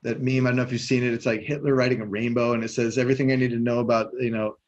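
A man's voice: mid-range voice, very fast, highs cut off. A man co-hosting a podcast, chatting casually and acting out both sides of a hypnosis session as he retells it. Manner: animated storytelling, acting out both sides of a conversation. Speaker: podcast co-host and hypnosis coach. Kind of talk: casual chat.

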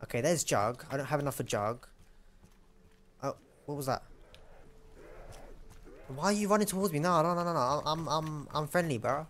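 Chatty young gamer. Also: male voice, on the high side, lively intonation, moderate pace, long pauses, fairly bright tone, slight background noise. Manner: chatty, self-mocking, talking to the game. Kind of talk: casual gameplay commentary.

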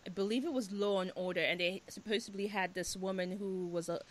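A woman hosting a casual interview, with a voice in the middle range. She asks her questions in a lively, outspoken way and speaks her mind. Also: medium pitch, brisk. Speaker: interview host.

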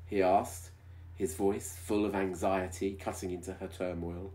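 His voice sits low and warm, with little pitch movement and a slightly slow pace. Reading aloud for a video, this host gives a romance story mock-dramatic treatment, pausing for wry, teasing jabs.

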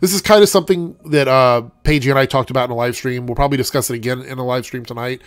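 Talking fast with a congested, medium-pitched voice, a young show host chats his way through a TV episode review, rambling and saying um a lot. The recording is dry.

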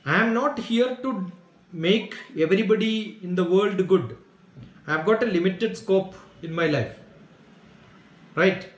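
High-voiced man teaching in an echoey room. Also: unhurried, pauses often. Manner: earnest, explanatory, asks "Got it?" to check understanding. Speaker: spiritual teacher answering questions. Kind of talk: question-and-answer teaching.

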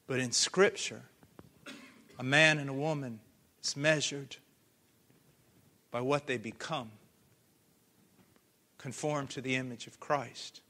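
A man preaching a sermon with passion, swinging from hushed earnest tones to loud cries. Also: medium pitch.

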